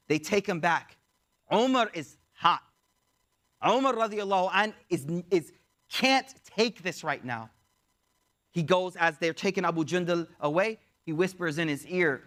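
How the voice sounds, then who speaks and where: A man teaching as he tells a story in a lecture, animated and speaking straight to his audience, acting out the voices. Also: sits high, measured pace. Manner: animated, addresses audience directly, acts out voices. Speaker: Islamic teacher.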